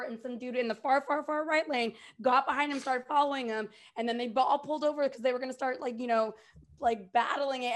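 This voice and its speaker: Woman, high voice, rapid chatty delivery, swears freely. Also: fairly bright tone. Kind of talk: casual storytelling chat.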